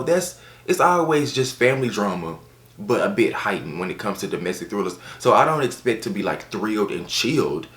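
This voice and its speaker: A man casually reviewing books on his channel, chatty and animated, with playful asides. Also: fairly low pitch, roomy sound. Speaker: book reviewer. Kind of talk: casual book review vlog.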